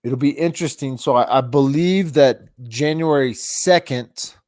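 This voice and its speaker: A man's voice: mid-range voice, measured pace, a little mellow, no room sound. A man with a stuffy nose from a cold, hosting a casual live-stream chat, rambling, laughing often and restarting his sentences. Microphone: phone.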